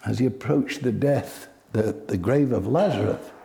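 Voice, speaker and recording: A man preaching a sermon slowly, building to loud, emphatic peaks. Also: mid-range voice, gravelly, a little hiss or hum.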